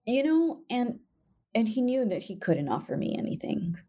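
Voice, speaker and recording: A woman's voice: fairly high pitch, big pitch swings, normal speed, warm tone. A young woman talking candidly and reflectively in a casual conversation, earnest and emphatic.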